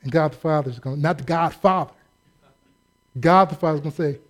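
Speaking briskly in a fairly high male voice, a pastor gives a lively, joking sermon from the pulpit. He tells a story and acts out the voices of the people in it.

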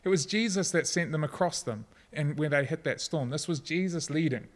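A middle-aged man delivers a sermon with a slightly higher-than-usual voice. He speaks earnestly and personally, easing into softer, reflective passages. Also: normal speed. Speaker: pastor.

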